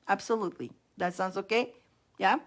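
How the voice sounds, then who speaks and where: A woman hosts a live-stream tarot reading in a mid-pitched voice. She talks in a chatty way, calls out names over and over, and laughs often between readings. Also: steady tone, fairly quick. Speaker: tarot reader.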